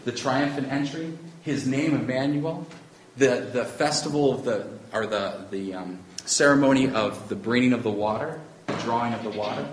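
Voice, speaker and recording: An earnest man teaches a Bible lesson, leaning into scripture quotes with emphasis. His voice sits at an ordinary middle pitch. The sound is roomy and echoey, with a faint background hum. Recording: echoey room with faint ambience.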